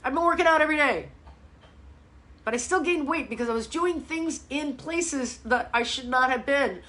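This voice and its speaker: A middle-aged woman fitness coach chatting on a live stream, blunt and animated, cursing freely. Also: sits high, normal speed. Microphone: phone or webcam mic.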